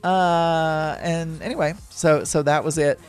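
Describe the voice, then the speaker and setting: A man's voice: a little high, fairly even intonation, slow pace, clean tone, soft background music. A middle-aged man hosting a podcast, telling a story in a loose, rambling way that is full of fillers and self-corrections. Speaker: podcast host. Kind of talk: casual solo travel storytelling.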